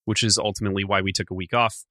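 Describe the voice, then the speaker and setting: A man co-hosting a podcast in casual chat, nasal and congested from being sick, easygoing and quick to laugh. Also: low voice, level tone, pushed and bright, dry recording. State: congested, recovering from illness. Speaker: podcast co-host.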